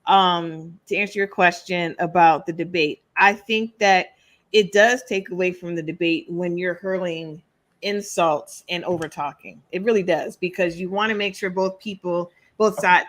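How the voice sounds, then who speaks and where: A woman on a podcast panel speaks politely and deliberately, wanting her points heard without interruption. Her voice sits somewhat low for a woman. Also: fairly even intonation, fairly bright tone. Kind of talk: podcast discussion.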